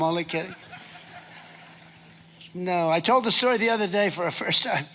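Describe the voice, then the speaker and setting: A man's voice: high-pitched, normal speed, sharp tone. An older man giving a rambling, boastful rally speech, drifting between stories. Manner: boastful, digressive.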